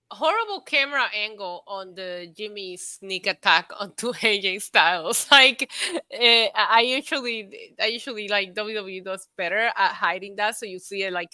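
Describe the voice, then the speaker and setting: A woman's voice: mid-range voice, pushed and bright, dry recording. A woman co-hosting a podcast in casual chat, talkative and analytical. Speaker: podcast co-host.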